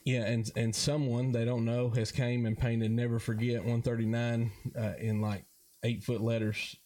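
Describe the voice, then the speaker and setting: A man, a guest talking about a charity bike ride in a halting way, full of fillers and restarts. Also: mid-range voice, flat delivery, dark tone. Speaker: guest, board member of a first-responder charity ride. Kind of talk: casual interview talk.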